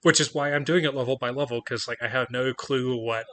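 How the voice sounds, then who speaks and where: A game master with a bright, mid-range voice talks briskly and with fairly even intonation. He chats loosely, full of "like" fillers and frequent laughs, then narrates the scene for his players.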